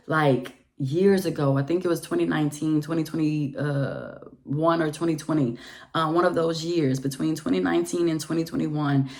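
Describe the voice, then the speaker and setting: Brief: gravelly, low-pitched woman in her thirties, candid storytime vlog, emphatic and indignant. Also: darkish tone. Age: 30s. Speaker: vlogger.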